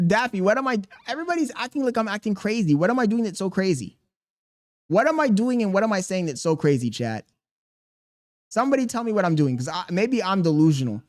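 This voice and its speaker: A man's voice: sits high, very animated, fast talker, darkish tone. A young man livestreaming, talking casually and defensively to his chat, rambling and firing questions back at them.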